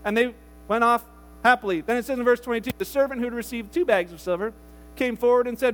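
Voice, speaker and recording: Pastor guy with a really high voice, chatty animated sermon, tells it like a story. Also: quick pace, big-room sound. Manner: animated storytelling, acts out voices, casual asides. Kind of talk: conversational sermon.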